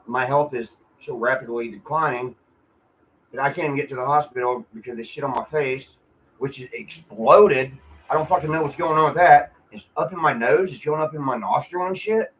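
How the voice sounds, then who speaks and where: Man, mid pitch, casual vlog rant, swearing and rambling, slight room hiss. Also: normal speed, rough recording. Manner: frustrated, profane, rambling with restarts. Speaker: vlogger. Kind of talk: casual venting monologue. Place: apartment.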